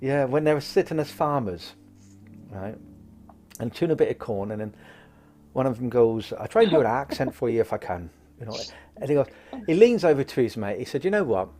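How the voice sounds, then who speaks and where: A man doing casual card readings for viewers, chatty and prone to wandering off into jokes. His voice sits at an ordinary middle pitch, and he talks in a loose, friendly ramble. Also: very animated, brisk, mellow. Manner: rambling, jokey, goes off on tangents. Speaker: psychic card reader, host.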